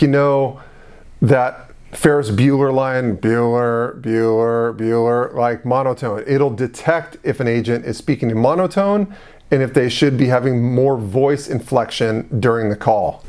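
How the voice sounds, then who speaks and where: A middle-aged man hosts a business advice video, speaking casually and directly to the viewer. He fills his talk with questions and easy asides, at a mid-range pitch. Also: a little mellow. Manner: conversational, asks the viewer questions, fillers like "you know". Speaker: host of a business advice channel. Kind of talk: casual direct-to-camera explainer.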